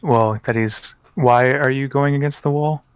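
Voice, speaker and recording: A man's voice: mid-range voice, fairly even intonation, measured pace, smooth, no echo. A man playing in a tabletop game, hesitant and a little puzzled. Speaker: player. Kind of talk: casual game chat.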